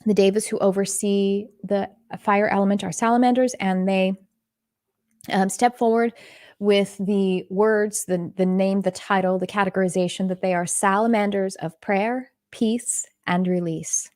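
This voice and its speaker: A woman's voice: mid-range voice, steady tone, unhurried, darkish tone, no echo, clean studio sound. A woman from Texas with a faint Texan accent, teaching about spirits in a casual, rambling way with many fillers and restarts. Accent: Texan, mostly faded.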